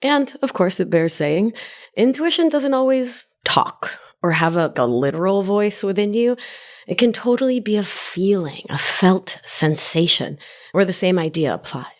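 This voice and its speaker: A woman hosting a solo wellness podcast, teaching in a gentle sing-song and a slow, deliberate way. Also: medium pitch, expressive. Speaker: podcast host and life coach.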